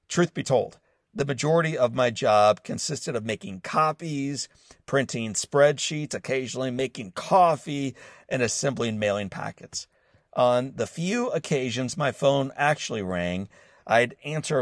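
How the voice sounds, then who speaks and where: A man in his forties hosts a motivational podcast, delivering a scripted inspirational monologue in which he tells a personal story. His medium-pitched voice is earnest and warmly addresses listeners directly. The studio-quality recording has no room sound.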